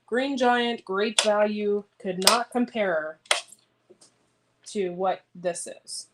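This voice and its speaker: A woman rambles in easy, casual talk while cutting vegetables in her kitchen and answering viewer comments. Her voice sits at an ordinary middle pitch. Clear background noise and clicking run under the recording. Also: slow. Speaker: homesteading vlogger. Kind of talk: casual livestream chat.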